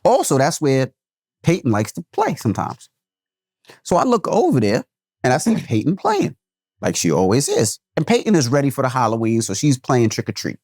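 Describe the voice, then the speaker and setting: A man co-hosting a podcast, telling a long story in a casual, profane, animated way. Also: mid-range voice, normal speed, dry recording, studio quality. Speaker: podcast co-host.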